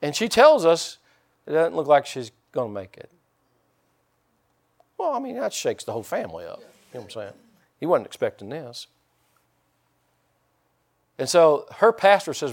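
A man's voice: a little high, wildly swooping pitch, normal speed, pauses often. A man preaching a conversational sermon and talking directly to his congregation. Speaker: pastor.

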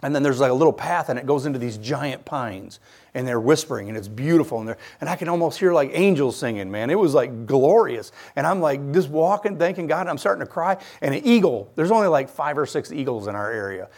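A man preaching to a congregation as a visiting speaker. He tells a personal story with lots of animation. His voice sinks quiet and then builds up loud. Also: mid-range voice, lively intonation, brisk. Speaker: guest preacher. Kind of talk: sermon with personal testimony.

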